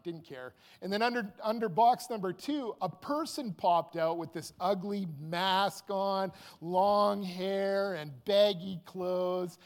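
A man in his fifties tells a personal anecdote. His voice sits high, and he rambles animatedly with fillers and restarts. The sound rings out with a long hall reverb. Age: 50s. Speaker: storyteller. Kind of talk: personal anecdote told aloud.

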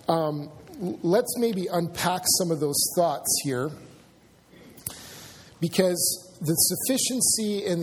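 A man preaching a sermon in a church, earnest and halting, often restarting his sentences and filling pauses. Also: on the high side, a little mellow, a little hiss or hum. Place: church sanctuary.

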